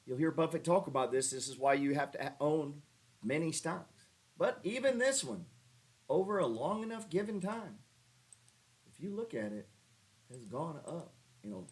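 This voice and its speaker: A man hosting a casual trading livestream, talking over charts with sarcastic, profane asides and mocking jabs at his viewers. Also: slightly rough. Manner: animated pitch jumps when ribbing viewers. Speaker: stock trading livestream host.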